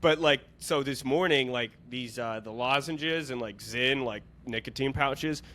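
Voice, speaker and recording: A young man co-hosting a podcast in casual comedic chat, joking and slipping into high, exaggerated voices when quoting people. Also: a little slow, bright, forceful tone. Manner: jokey, slips into exaggerated high voices for quotes. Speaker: podcast co-host.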